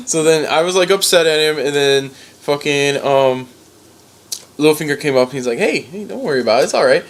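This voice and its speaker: A man hosting a casual recap chat, animated and joking, acting out characters as he talks. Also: fairly high pitch, normal speed. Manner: animated, acts out characters with swearing and laughter. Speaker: podcast host.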